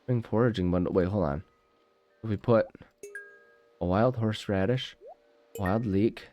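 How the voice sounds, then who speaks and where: A man's voice: fairly low pitch, measured pace, long pauses, mellow, highs cut off. A man hosting a casual gaming video, rambling and goofy as he plays and interrupts himself often. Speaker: gaming channel host. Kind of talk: casual let's play commentary. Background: game music.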